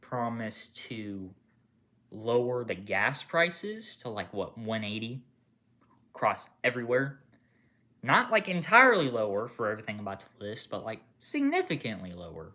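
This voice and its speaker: A man angrily ranting to camera with lots of swearing, rambling and restarting, swinging from low mutters to loud outbursts. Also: big pitch swings, moderate pace. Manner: angry, profane, rambling with restarts. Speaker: gaming channel creator. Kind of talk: unscripted political rant to camera.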